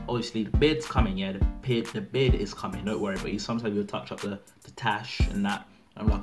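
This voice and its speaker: A man's voice: on the low side, fairly even intonation, quick pace. An eighteen-year-old man chatting casually to camera, rambling and full of fillers. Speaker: vlogger. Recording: music playing loudly behind.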